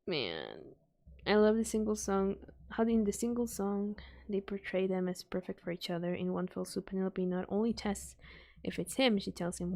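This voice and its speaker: A young woman streaming a casual reaction chat, rambling with many fillers and soft sighs. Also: medium pitch, expressive, moderate pace, gravelly.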